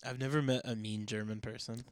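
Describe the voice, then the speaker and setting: A man's voice: mid-range voice, flat delivery, clean tone. A man joking and bantering in a casual podcast chat. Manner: joking, quick banter with laughs.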